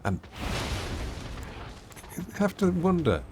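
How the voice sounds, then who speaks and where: Speaking slowly in a high, sing-song voice, a man from England gives casual, wry, and theatrical commentary while streaming a game. There's background noise behind him.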